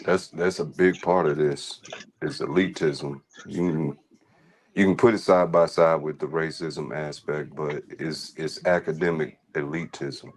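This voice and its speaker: A man calling in, speaking slowly and measuredly as he explains a point. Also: very deep voice, fairly even intonation, husky.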